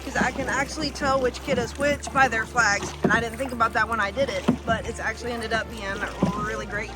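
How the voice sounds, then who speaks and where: A woman's voice: a little high, fairly even intonation, a little fast. A woman vlogging a family trip as a mother of seven, candid and chatty, laughing as she talks and calling out directions to her kids. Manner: calls out directions to kids across the water. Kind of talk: casual vlog narration. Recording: background music over the voice.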